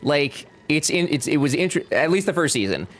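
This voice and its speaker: A man's voice: on the high side, big pitch swings, fairly quick. A young man chatting casually with his live-stream chat while playing a game, joking and talking back to viewers.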